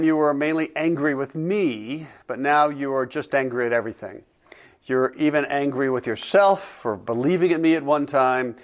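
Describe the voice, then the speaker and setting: Man reading a solemn, measured divine judge. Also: on the high side, natural voice. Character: calm, direct divine judge. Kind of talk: dramatic reading of a dialogue.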